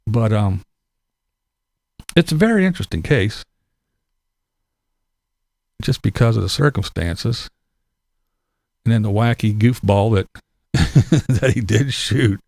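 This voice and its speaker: A man's voice: mid-range voice, darkish tone, no room sound. Blunt, profane middle-aged man venting. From Pennsylvania. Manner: blunt, profane, laughs between points. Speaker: vlogger. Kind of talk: casual opinion monologue.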